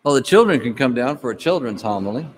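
A man as priest or deacon, reading the gospel and giving an animated homily to children, asking them questions. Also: mid-range voice, quick pace, slight background noise. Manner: animated storytelling, asks kids questions. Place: church. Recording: long church reverb.

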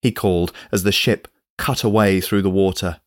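A man reading a novel aloud in steady, measured scripted narration. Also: low-pitched, no room sound. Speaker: audiobook narrator.

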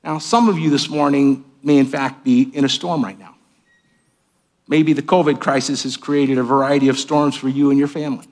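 A man preaching a sermon as a pastor in a church, swinging between raised, emphatic lines and hushed, quiet asides. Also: mid-range voice, level tone, normal speed. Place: church sanctuary with cameras.

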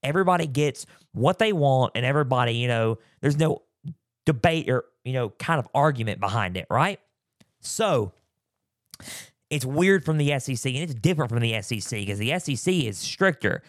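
Male sports podcast host, mid-pitch, dry close sound, rambly delivery full of fillers, scratchy throat. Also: lively intonation, normal speed, dry recording. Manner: rambling, repeats himself with many fillers. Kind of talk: casual sports talk. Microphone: close mic, sometimes turning away.

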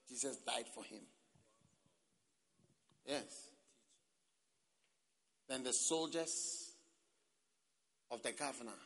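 A man preaching a sermon and reading scripture. He swings between quiet reading and loud, dramatic exclamations. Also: medium pitch, creaky. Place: large hall at a church camp. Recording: long hall reverb.

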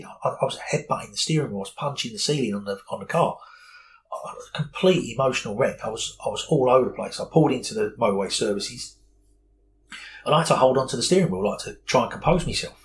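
A man's voice: medium pitch, slight background noise, poor audio. A man, speaking candidly and earnestly as an interview guest, often repeating words as he goes. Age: 40s.

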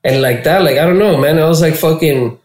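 A man's voice: a little high, brisk. Profane, slangy man in a roomy space. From Florida. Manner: profane and slangy, animated when quoting others. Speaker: guest. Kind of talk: casual storytelling interview. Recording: roomy echo.

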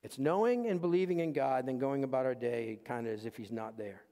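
A man preaching a sermon as pastor in a church, emphatic and fond of repeating key phrases, moving between quiet asides and raised, pointed lines. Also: mid-range voice, a little fast. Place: church sanctuary. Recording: long reverb of a large hall.

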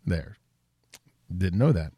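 A man running a quiz segment on a chat show. His pitch swings a lot as he reads the options with mock drama. The sound is dry and close. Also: expressive, slow, dark tone, slightly rough, no echo. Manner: playful, laughing, reads answer options. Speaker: quiz host. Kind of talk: game segment hosting.

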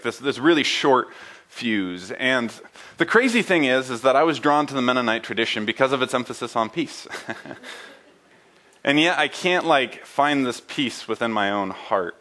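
A man preaching a sermon in a church building, earnest and halting, with frequent fillers and restarts. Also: mid-range voice, lively intonation, a bit bright. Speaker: pastor.

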